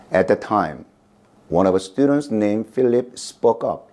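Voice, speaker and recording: A middle-aged male pastor with a Korean accent, preaching a sermon in a slow, emphatic way. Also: expressive, darkish tone. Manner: slow, emphatic delivery with big pitch swings.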